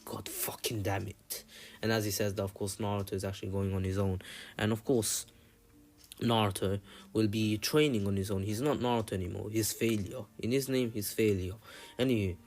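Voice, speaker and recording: A man's voice: fairly low pitch, steady tone, a little fast, a little mellow. A young man casually retelling an anime fan story, rambling with many fillers and the odd swear. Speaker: channel narrator.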